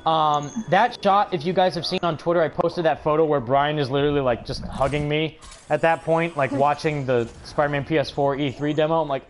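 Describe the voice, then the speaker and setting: A young man hosting a livestream, chatting excitably and rambling with lots of "like". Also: on the high side, a little fast, slight background noise. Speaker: livestream host. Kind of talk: casual chat while streaming a game.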